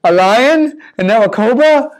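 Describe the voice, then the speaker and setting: A man telling a children's mission story, animated and playful, with spoken sound effects. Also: very high-pitched, unhurried.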